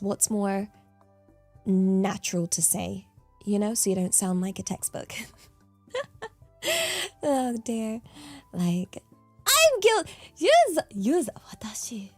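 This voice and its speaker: A woman's voice: mid-range voice, slow pace, pauses often, warm tone, no room sound, faint music behind. A British woman streaming, chatting casually with viewers in a playful, giggly way that swoops up into squeals. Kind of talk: casual livestream chat answering viewers.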